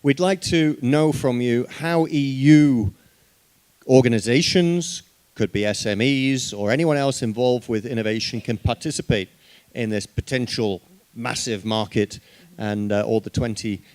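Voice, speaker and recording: A man's voice: mid-range voice, unhurried, a little mellow. A man moderating a conference panel, polite and a little hesitant, with fillers.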